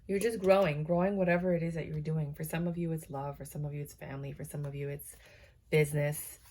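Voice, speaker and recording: A woman's voice: sits low, steady tone, fast talker, dark tone, slight background noise. A woman giving a casual, chatty tarot reading to her viewers, tired and yawning, with many fillers and asides. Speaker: tarot reader.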